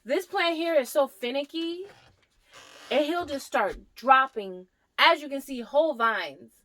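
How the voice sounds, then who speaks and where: Young woman, casual plant vlog, unhurried, slightly high voice, talks to her plants, soft near-whispered asides. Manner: drops to a near whisper at times. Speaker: plant vlogger.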